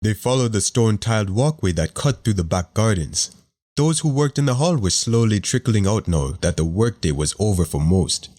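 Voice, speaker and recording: A man narrating a fantasy audiobook in a steady, measured storytelling voice. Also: fairly low pitch.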